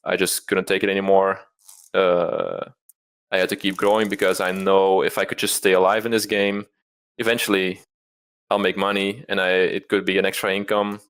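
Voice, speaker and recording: A man's voice: low-pitched, level tone, moderate pace, a bit bright, clear, resonant tone. A man interviewed about his trading past, talking candidly and self-deprecatingly, rambling with frequent restarts. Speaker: interview guest, trader.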